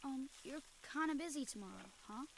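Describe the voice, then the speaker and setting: A woman's voice: high voice, animated, a little fast, gravelly, slight background noise. A woman voicing an eager young boy who teases with coy questions. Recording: faint game audio from far off.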